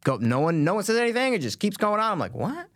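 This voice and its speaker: A man co-hosting a podcast in casual chat, ranting in an animated way, swearing and often tagging his points with "right?" and "I'm just saying". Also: high-pitched, racing, no echo, clean studio sound. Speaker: podcast co-host.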